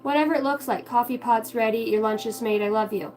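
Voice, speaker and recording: A woman's voice: a little high, fast talker, darkish tone, soft background music, low-quality recording. A woman giving a casual, heartfelt spiritual monologue, candid and swearing freely. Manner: acts out quoted voices in her stories. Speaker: spiritual vlogger.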